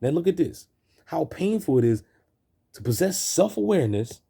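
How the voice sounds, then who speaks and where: A video host with a slightly high, gravelly, mellow and somewhat rough voice rants over film clips at normal speed, his pitch swinging widely. He preaches in street slang, repetitive and full of stumbling restarts.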